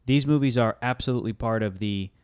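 A man's voice: mid-range voice, quick pace, darkish tone, clean tone, no room sound. Young man, podcast host, casual rambling chat, dry close sound. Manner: laughing, rambling with restarts.

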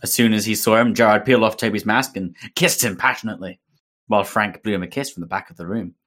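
A man's voice: lowish voice, quick pace. A man, hosting a podcast and reading fan fiction aloud, laughing as he goes. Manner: animated, breaks into laughter often. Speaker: podcast host.

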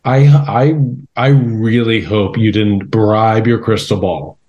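A man's voice: on the low side, slow pace, darkish tone, muffled recording. A man co-hosting a casual podcast chat, laid-back and self-deprecating. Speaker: podcast co-host.

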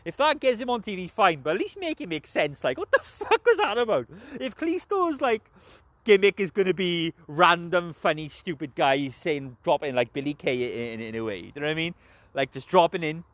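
Swearing, excitable man ranting. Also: a little high, moderate pace, no room sound. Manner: heavy swearing, rambling, laughs often. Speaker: wrestling show reviewer. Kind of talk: casual spoken recap and opinion.

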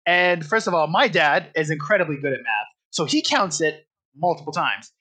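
Calm male podcast co-host, bright voice, matter-of-fact delivery. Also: a little high, normal speed, breathy edge. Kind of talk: casual chat.

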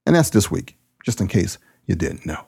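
A man who also preaches hosts his own podcast alone, chatting in a folksy, excitable way. His voice sits low and has a husky, gravelly edge. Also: moderate pace. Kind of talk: casual solo monologue.

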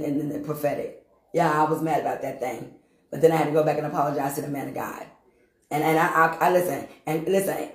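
A woman's voice: low-pitched, darkish tone. Emphatic woman preaching, roomy echo. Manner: repetitive, emphatic, bursts into laughter. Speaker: minister giving testimony. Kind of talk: testimony preaching to a congregation.

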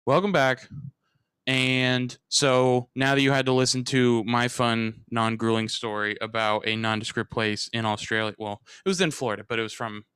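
A young male podcast host with a smooth, clear voice tells a rambling, animated story and acts out everyone's lines along the way. The sound is dry and close, with no room in it. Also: mid-range voice, normal speed, dry recording. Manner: animated, rambling storyteller who acts out quotes and swears freely. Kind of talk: casual storytelling chat.

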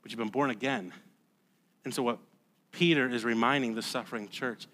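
A man preaching a sermon as pastor, conversational and emphatic, dropping to a hush and then rising loud, often repeating words. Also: mid-range voice, normal speed, pauses often. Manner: emphatic, swings from hushed to loud.

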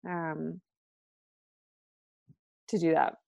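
Woman, podcast guest, gravelly edge, dry close sound, chatty with lots of fillers. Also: drawn-out words, no room sound. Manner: animated, acts out quoted friends with pitch jumps; filler-heavy, frequent "like" and "um". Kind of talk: casual conversation.

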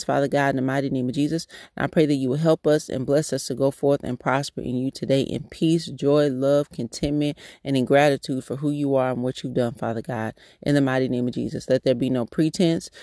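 A man's voice: mid-range voice, creaky, darkish tone, no room sound, clean studio sound. A man hosting a devotional podcast, praying in a repeated cadence and talking casually with restarts. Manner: repetitive prayer cadence. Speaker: podcast host. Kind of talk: prayerful devotional podcast talk.

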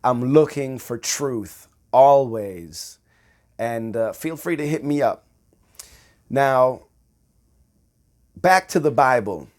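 A man giving a slow, conversational bible teaching, repeating phrases for emphasis. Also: mid-range voice, expressive, darkish tone. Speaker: preacher.

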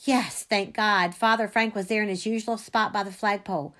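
A woman reading a first-person story aloud, expressive. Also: medium pitch, normal speed. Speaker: reader.

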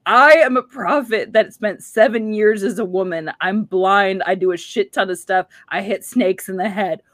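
A woman's voice: mid-range voice, moderate pace, a bit bright, dry recording, clean studio sound, natural voice. A woman playing a cocky old blind male prophet who boasts in modern slang during a comic retelling. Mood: defiant. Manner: boastful, slangy trash talk.

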